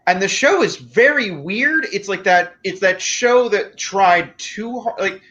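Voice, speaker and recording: A man's voice: high voice, animated, a little slow, sharp tone. Rambling man on dull call audio. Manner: rambling, analytical. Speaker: guest. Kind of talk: casual chat.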